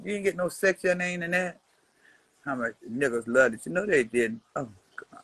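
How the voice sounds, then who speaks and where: A brash woman in her seventies rants at a rival in a profane, mocking response video. She swings between muttered asides and loud jabs. Her voice sounds close and dry, with no room echo. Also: sits low, lively intonation, moderate pace. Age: 70s. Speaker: social media personality answering a rival. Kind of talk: profane trash-talking response rant.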